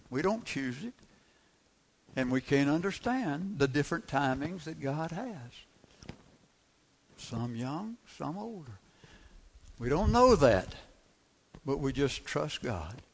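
Gravelly-voiced male preacher, emphatic. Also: medium pitch, sing-song, slow pace, pauses often. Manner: emphatic, repeats key phrases, asks the congregation rhetorical questions. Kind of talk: sermon.

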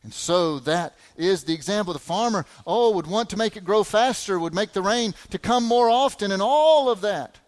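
A middle-aged man preaching a sermon, animated, full of rhetorical questions and repeated words. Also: high voice, moderate pace, few pauses. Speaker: pastor.

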